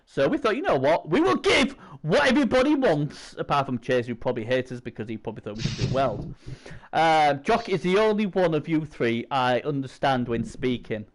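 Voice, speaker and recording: A man's voice: fairly high pitch, very animated, a little fast. A man, hosting a stream in rambling, chatty banter. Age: 40s. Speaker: stream host. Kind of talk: casual chat.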